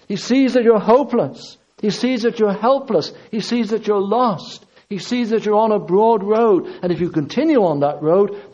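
A man's voice: high voice, a little mellow, husky. A man preaching a sermon with impassioned, repetitive emphasis. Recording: dull lo-fi recording.

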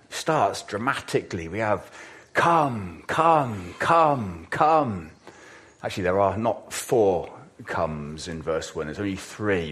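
A man delivers a sermon in a very deep voice. He plods along in a self-deprecating way, then breaks into loud calls now and then. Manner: plodding, self-deprecating, bursts into loud exclamations. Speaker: preacher.

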